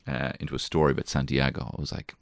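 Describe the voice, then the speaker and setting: Very deep, gravelly man, dry. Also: little pitch movement, fast, dry recording. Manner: swearing, self-mocking, jumps between put-on voices. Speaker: comedian podcast host. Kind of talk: rambling comic storytelling. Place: small garden shed.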